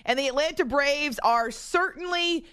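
A woman hosts a sports talk show in a chatty, enthusiastic way, her voice a little high. The sound is dry and close, with no room around her. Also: moderate pace, a bit bright, no room sound. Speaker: sports podcast host.

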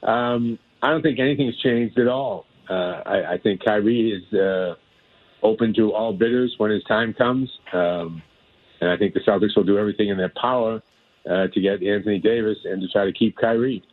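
A man calling in as a guest broadcaster, talking in a measured, thoughtful way with some filler pauses. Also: on the low side. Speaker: phone-in guest, team broadcaster. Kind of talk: casual radio chat. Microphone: telephone. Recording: tinny phone line.

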